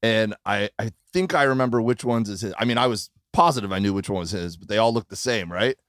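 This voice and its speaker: A man, a podcast guest, telling a story in casual chat with lively delivery. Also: lowish voice, fast, no room sound, clean studio sound. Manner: animated, acts out voices in his stories.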